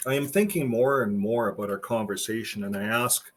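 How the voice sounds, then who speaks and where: A man's voice: mid-range voice, normal speed, hardly any pauses, a little hiss or hum. A man reading his own novel aloud in plain first-person storytelling.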